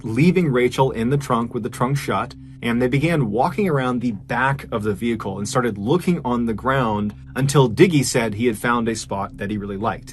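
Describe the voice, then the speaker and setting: A man hosting a podcast, telling a dark true-crime story in a conversational, suspense-building way. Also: mid-range voice.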